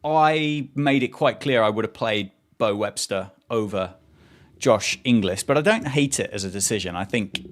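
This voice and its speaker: A man's voice: on the low side, moderate pace. A man, hosting a live cricket watchalong stream, chatting casually, reading out viewers' messages and reacting to the play. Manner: chatty, reads chat aloud and reacts to play. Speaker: livestream host.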